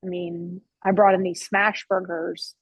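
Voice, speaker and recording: A woman's voice: on the low side, level tone, measured pace, breathy edge, dry recording, low-quality recording. Chatty woman chef with a dry close sound. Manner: chatty, with frequent restarts and fillers; swears casually. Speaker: barbecue restaurant owner and chef. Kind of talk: casual interview storytelling. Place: her restaurant.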